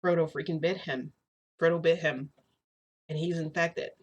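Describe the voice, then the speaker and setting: A woman talks straight to her audience in a chatty, excitable way. She retells events in a relaxed, casual storytelling style. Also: low voice, moderate pace, highs cut off. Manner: excitable, chatty retelling full of "I'm like" and "freaking". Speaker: vlogger.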